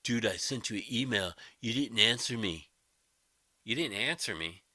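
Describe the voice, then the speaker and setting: A man's voice: on the low side, lively intonation, moderate pace, pushed and bright, no room sound, full character voice. A man voicing a whiny, self-important male guitarist in a mocking impression.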